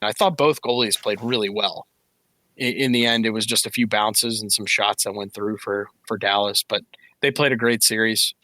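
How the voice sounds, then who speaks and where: A man's voice: lowish voice, fairly even intonation, normal speed, sharp tone, dry recording. A man co-hosting a podcast, talking hockey in a casual, analytical way with frequent fillers. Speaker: podcast co-host. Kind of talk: casual sports chat.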